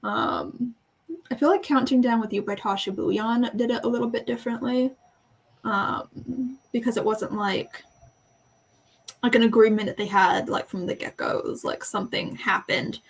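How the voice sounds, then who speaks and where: A woman's voice: on the high side, fairly even intonation, moderate pace, vocal fry, breathy edge. A young woman from Canada's west coast, chatting casually and rambling on a book club livestream. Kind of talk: casual chat on a reading livestream.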